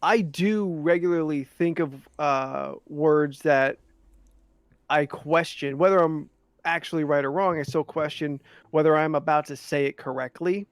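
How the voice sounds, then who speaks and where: A man's voice: fairly high pitch, unhurried, smooth, no echo. A man co-hosting a podcast, rambling in casual chat with lots of ums and restarts. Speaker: podcast co-host.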